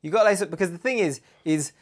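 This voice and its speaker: A man's voice: high-pitched, lively intonation, rapid-fire. A man, co-hosting a podcast and giving blunt, emphatic relationship advice in casual chat. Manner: chatty, emphatic, British slang.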